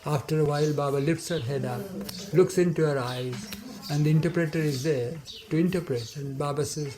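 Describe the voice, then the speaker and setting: A man's voice: a little high, moderate pace, mellow. An older man telling a remembered story in a rambling way, full of trailing asides and restarts. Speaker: devotee recounting memories. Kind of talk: rambling spoken reminiscence.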